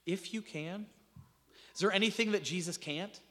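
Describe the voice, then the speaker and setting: A man preaching a sermon as pastor, stumbling over restarts and swinging between loud outbursts and hushed asides. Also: sits high, normal speed, in a large hall. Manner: impassioned preaching with repeated restarts and dramatic drops to near-whispers.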